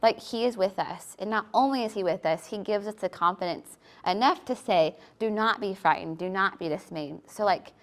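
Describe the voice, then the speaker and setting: A woman on a ministry panel, a wife and mother, sharing a Bible verse in a chatty way with many "like" fillers. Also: medium pitch. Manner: warm, chatty, many "like" fillers, quick little laughs. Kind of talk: personal devotional sharing on a panel.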